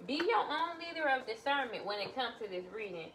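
A woman's voice: a little high, sing-song, fairly quick, fairly bright tone, far from the mic, a little hiss or hum. A woman doing a casual tarot reading, blunt and exclamatory, swearing freely as she lays out cards. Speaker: tarot reader.

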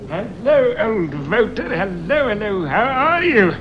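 An actor playing a cheerful male friend who tries to calm people down, in a 1970s radio comedy. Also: high voice, measured pace, highs cut off. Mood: jolly. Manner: jolly, placating. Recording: hissy old radio tape.

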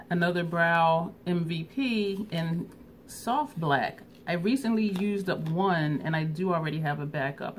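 A woman's voice: deep voice, slight background noise. A middle-aged woman chatting casually through a shopping haul vlog, laughing often and thinking aloud. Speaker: beauty vlogger.

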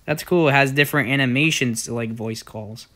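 A young man casually commenting on his gameplay, wandering from thought to thought with plenty of fillers. His voice sits at an ordinary middle pitch, and he jumps into excited outbursts when something in the game surprises him. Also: normal speed. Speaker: gaming YouTuber.

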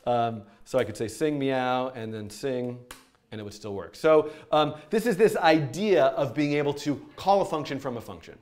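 A man's voice: mid-range voice, lively intonation, normal speed, darkish tone. A man teaching programming on a live stream, chatty and self-interrupting, with frequent fillers and laughs. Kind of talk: live-streamed coding tutorial.

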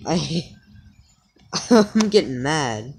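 A woman's voice: deep voice, sing-song, extremely slow, creaky, darkish tone, a little hiss or hum. A teenage girl commenting on her own gameplay, exasperated and muttering, with sudden outbursts. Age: teens. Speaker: gamer.

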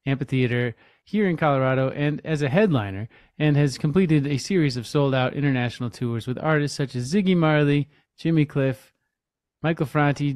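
A man's voice: mid-range voice, darkish tone, dry recording, clean studio sound. A man co-hosting a podcast, chatting easily and reading a show introduction, with frequent laughs. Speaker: podcast co-host. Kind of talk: podcast chat and scripted intro.

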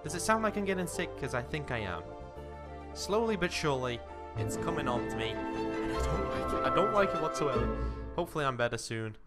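A man's voice: fairly high pitch, lively intonation, a little fast. Chatty young man narrating a life-sim game. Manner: chatty, talks to his game character. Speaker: gaming commentator. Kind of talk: casual let's-play commentary. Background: game music.

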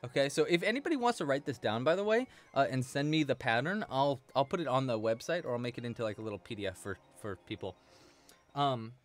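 Brief: male crochet host, rambling and chatty, lively pitch, faint music behind. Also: fast talker. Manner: chatty, rambling, many fillers. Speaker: crochet teacher, live stream host. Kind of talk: casual live-stream teaching.

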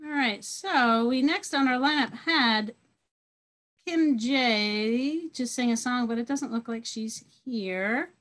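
A woman's voice: on the high side, slow pace, fairly bright tone. A woman hosting a school video call, casually introducing each song leader in turn.

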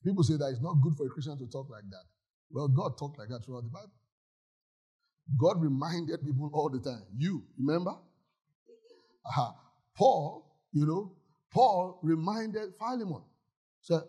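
Man, pastor, church sermon, emphatic, husky, slightly high. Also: lively intonation, normal speed, warm tone. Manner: emphatic preaching, asks the congregation questions.

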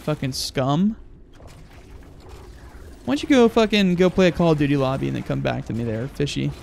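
A man's voice: a little high, normal speed, gravelly, a little mellow, a little hiss or hum. A young man giving crude, joking gameplay commentary, swearing often and acting angry for laughs. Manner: profane, mock-angry, joking. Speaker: gaming video host.

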